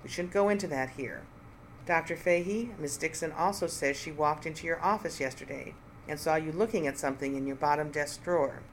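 A reader voicing a cautious, sympathetic male police lieutenant who speaks in a measured way. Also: medium pitch, a little hiss or hum, close to an everyday voice, rough recording. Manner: measured, quiet and apologetic.

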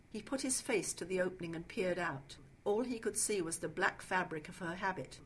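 A woman reading a suspense story aloud in a hushed, suspenseful manner. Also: lowish voice, normal speed, slightly rough. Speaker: story reader.

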